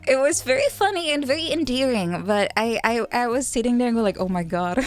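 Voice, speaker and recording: A woman's voice: fairly high pitch, lively intonation, a little fast. A woman streaming from her apartment in Japan, chatting casually, laughing often and poking fun at herself.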